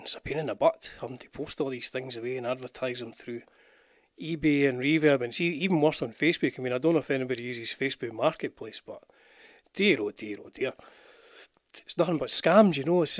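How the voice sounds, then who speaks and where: A man's voice: mid-range voice, fairly quick, dry recording, clean studio sound. An older man with a Scottish accent, rambling about guitars in casual live-stream chat with his viewers. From Scotland. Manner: rambling, chatty, self-deprecating, greets viewers in the chat. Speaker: guitar channel host. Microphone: wearing headphones with a desk mic.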